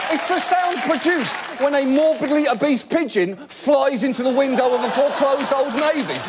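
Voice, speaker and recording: A man delivering a satirical late-night monologue, animated and mock-outraged, breaking into shouts. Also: extremely high pitch, normal speed, few pauses, over a noisy crowd. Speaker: host. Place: TV studio stage with audience. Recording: live studio audience laughing, some noise.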